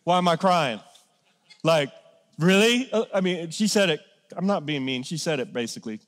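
A man with a notably high speaking voice delivers a sermon in a lively, conversational way, dropping to quiet asides and then surging into emphatic, shouted lines. The sound carries a long reverb from a large church sanctuary. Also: fairly quick. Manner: energetic, conversational preaching with sudden loud peaks. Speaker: pastor.

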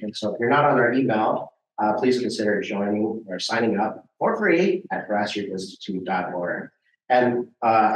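A man from Hawaii giving a casual, hesitant slide talk for a think tank at a meeting. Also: mid-range voice. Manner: casual, hesitant with many fillers. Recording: roomy and distant from the mic.

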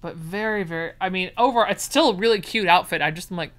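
A woman's voice: on the low side, quick pace. A woman chatting enthusiastically while unboxing vintage sewing patterns, gushing over each find. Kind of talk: casual unboxing chat.

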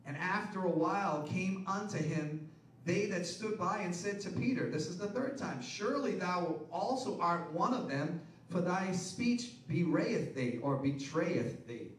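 A high-pitched male pastor preaches, asking the congregation one question after another and rising to loud, emphatic peaks. His voice echoes around a big room, caught from some way off the mic. A faint hum of the room sits underneath. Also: expressive, measured pace, recorded from a distance. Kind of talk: sermon.

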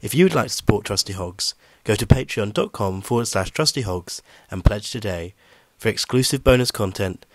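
A man reading a steady list of thank-yous to podcast supporters. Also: on the low side, normal speed, no echo. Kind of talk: read thank-you credits.

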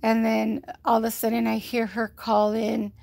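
A woman's voice: on the high side, completely flat delivery, normal speed, gravelly, a little mellow, no echo. A woman giving a rambling, casual health update to livestream viewers, often quoting others and using many fillers, a little short of breath. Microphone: phone.

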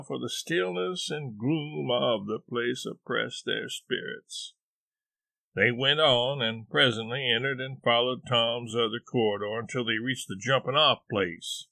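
Male audiobook narrator, unhurried, measured; crisp tone, dry close mic. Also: mid-range voice, pushed and bright, dry recording. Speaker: audiobook reader. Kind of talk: scripted narration.

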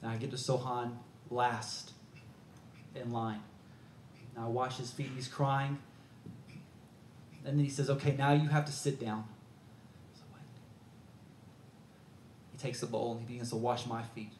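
A man's voice: mid-range voice, flat delivery, measured pace, long pauses, slight background noise. Storytelling preacher, man, earnest and conversational, roomy hall sound. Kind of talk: sermon.

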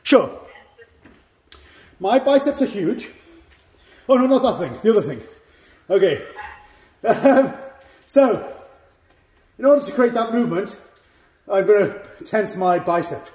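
A man's voice: high voice, big pitch swings, unhurried, long pauses, darkish tone. A man who is a karate instructor, explaining technique to his class in a chatty way with demonstrations and small self-mocking jokes. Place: training hall. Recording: echoey hall.

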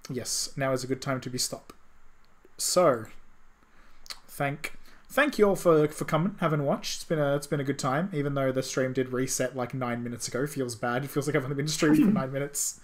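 A man's voice: mid-range voice, normal speed. A male streamer chatting casually while playing, laid-back and rambling, swearing now and then. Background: game music.

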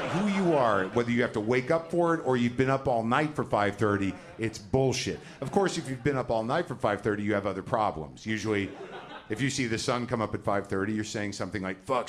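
A middle-aged man doing stand-up comedy, telling a neurotic, profane, self-deprecating story on a live stage. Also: on the low side. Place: theater stage before a live audience. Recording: live stage recording with loud crowd laughter.

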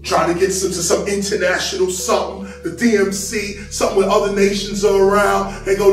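A man's voice: high voice, moderate pace. A man giving a public lecture to an audience in an emphatic, preaching manner, chuckling between points. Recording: echoey hall from far off, faint music.

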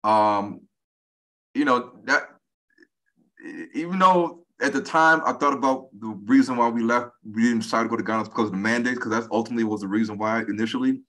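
A man in his forties, a podcast guest chatting casually and acting out quoted speech as he tells stories. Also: lowish voice. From United States. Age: 40s. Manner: animated storyteller, acts out quoted speech. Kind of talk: casual conversation.

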